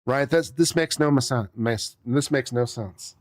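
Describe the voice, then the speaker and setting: A man's voice: mid-range voice, measured pace, no room sound, studio quality. A man with a mid-range voice gives casual legal commentary. He sounds sarcastic and exasperated as he reads passages from a brief and pokes holes in them. He keeps it loose and conversational. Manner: sarcastic, exasperated, acts out little scenes. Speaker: attorney commentator.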